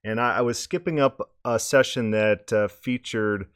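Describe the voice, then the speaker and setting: A man with a hoarse, scratchy voice hosting a podcast, rambling casually and repeating words as he restarts his sentences. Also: mid-range voice, moderate pace, dry recording, studio quality. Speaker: podcast host.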